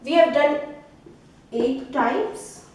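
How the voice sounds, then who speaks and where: Slow, high-voiced Indian woman teacher. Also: a little mellow. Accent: Indian English. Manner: slow, explanatory, ends phrases with a questioning "right?". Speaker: school English teacher. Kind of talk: classroom grammar lesson. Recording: echoey room, voice from a distance, faint hiss.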